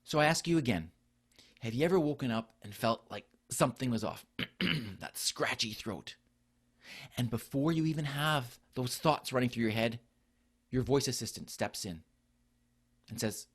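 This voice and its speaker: A middle-aged man delivers a conference talk as a doctor, earnest and explanatory. His pitch rises and falls freely, and he keeps posing rhetorical questions to the audience. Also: lively intonation, normal speed, husky. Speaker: physician presenter. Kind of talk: conference presentation.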